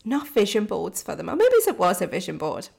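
Gravelly, chatty Geordie woman. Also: medium pitch, fairly quick. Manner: chatty, excitable and enthusiastic, with fillers and self-corrections. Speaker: podcast host and mindset coach. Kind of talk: casual podcast monologue.

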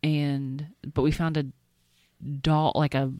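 A woman's voice: low-pitched, flat delivery, slow pace, a little mellow, dry recording. A woman co-hosting a podcast in casual chat, a chatty, rambling storyteller who swears casually. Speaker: podcast co-host.

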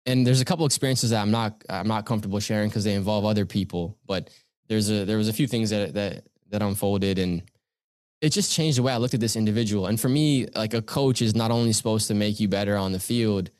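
A man's voice: fairly low pitch, a little mellow, dry recording, clean studio sound. Earnest young man telling his story. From Canada. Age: young adult. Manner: earnest, measured, with many "um"s. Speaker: guest, keynote speaker. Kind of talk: reflective storytelling in conversation.

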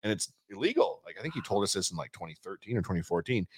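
A man with a lowish voice hosting a casual podcast. He tells stories animatedly, jumping into quoted voices. The sound is dry and close. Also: very fast, breathy edge, no room sound. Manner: animated storytelling with acted quotes. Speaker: podcast host. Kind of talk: casual chat. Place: studio.

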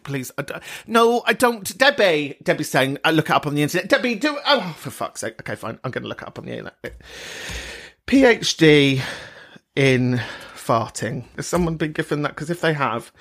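A man's voice: a little high, big pitch swings, normal speed, a bit bright. A British man hosting a comic call-in podcast, camp and teasing, who swears freely and laughs often. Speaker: podcast host.

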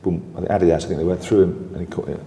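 An older man with a lively, anecdotal storytelling manner, recounting old football tales as an interview guest and laughing often. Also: deep voice, racing, echoey room, long reverb tail.

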